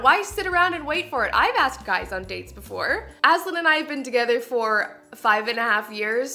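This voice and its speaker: A young woman from Canada in her twenties, chatting to camera for her vlog and telling embarrassing stories with lots of giggles. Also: a little high. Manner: giggly, animated storytelling. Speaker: beauty vlogger. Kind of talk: casual chat to camera.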